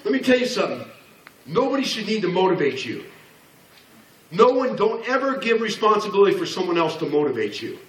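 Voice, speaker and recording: A man's voice: high voice, sing-song, brisk. A man in his sixties giving a blunt, joking motivational business talk to an audience, acting out the voices he quotes. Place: large hall before an audience. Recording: echoey hall, speaker far from mic.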